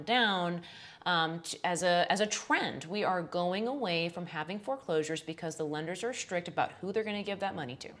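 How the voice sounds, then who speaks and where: A woman's voice: fairly low pitch, fairly bright tone. A woman real estate vlogger with a Texan accent, talking casually to camera and explaining with informal asides and fillers.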